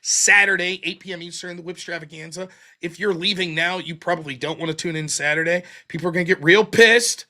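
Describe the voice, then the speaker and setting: A livestream host addresses his viewers directly, ranting in a blunt, profane and animated way. His voice is high for a man, bright and forceful, and he rattles off donations and chat rules in a brisk, casual manner.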